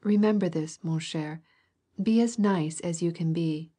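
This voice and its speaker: Audiobook: woman reading as an anxious, wheedling noblewoman, soft and coaxing, low husky tone. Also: a little slow. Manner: coaxing, pleading. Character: poor aristocratic mother, anxious and wheedling.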